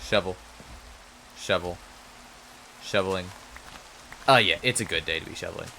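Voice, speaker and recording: A man's voice: low-pitched, normal speed, gravelly, bright, forceful tone, slight background noise, poor audio. A man streaming a game, muttering to himself and trading mock-outraged jokes with his chat. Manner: mutters to himself while playing. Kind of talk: casual live game stream talk.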